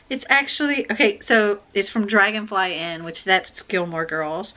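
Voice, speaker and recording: A woman with a bright, forceful voice talks through a book unboxing in a casual, chatty way. She gets excitable and gushes over each thing she pulls out. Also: mid-range voice, a little slow, slight background noise. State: has the hiccups.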